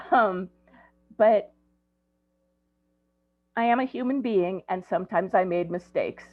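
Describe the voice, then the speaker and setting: In her sixties, this ADHD coach gives parents a conversational presentation, telling stories and saying "um" often. Her mid-range voice moves at a slow pace. The audio is tinny, dry and phone-like with no echo, and soft music plays in the background.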